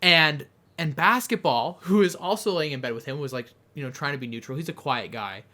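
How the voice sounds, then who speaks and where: A young man from Canada telling a long, animated anecdote on a podcast, rambling and often breaking into laughter. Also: fairly high pitch, brisk. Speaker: podcast host. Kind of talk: casual storytelling chat.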